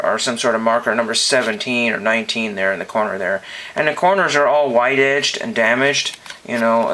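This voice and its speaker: A man's voice: medium pitch, fairly bright tone, poor audio. A man casually talking through his card collection, hesitant and rambling, often restarting his sentences. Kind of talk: casual show-and-tell vlog.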